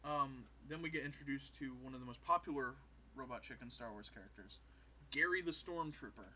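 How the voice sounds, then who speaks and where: A man co-hosting a podcast, casually recapping a show and acting out scenes with quick quoted voices. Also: mid-range voice, sharp tone, a little hiss or hum. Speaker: podcast co-host.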